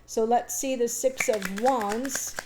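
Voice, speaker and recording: A woman's voice: a little high, fairly even intonation, takes it slowly, noisy background. A woman reading tarot cards aloud in an unscripted monologue. She speaks in a thoughtful, reassuring way and thinks aloud with ums and restarts. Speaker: tarot reader.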